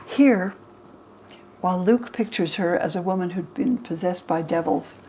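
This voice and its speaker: An older woman scholar explaining old texts to an interviewer, lively, acting out the quoted speakers in higher voices. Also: unhurried, a little hiss or hum, low-quality recording. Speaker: religion scholar and guest.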